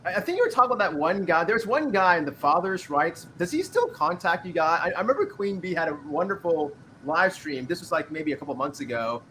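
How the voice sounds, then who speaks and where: Fast-talking, bright-voiced man on a panel. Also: fairly high pitch, sing-song, slight background noise. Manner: quick, apologetic, chatty. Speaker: panel guest. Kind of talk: casual livestream panel chat.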